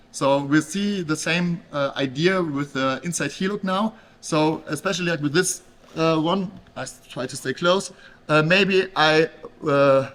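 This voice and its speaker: Man explaining grappling moves, higher voice. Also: fairly bright tone. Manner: explains while demonstrating, halting with fillers and restarts. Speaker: grappling instructor. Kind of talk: casual technique instruction.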